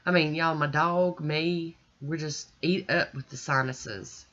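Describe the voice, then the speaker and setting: A woman's voice: low voice, takes it slowly, fairly bright tone, highs cut off. A woman hosting a nail art channel, sounding stuffy and nasal from her sinuses, chatting and gushing as she demonstrates. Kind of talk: casual demonstration chat.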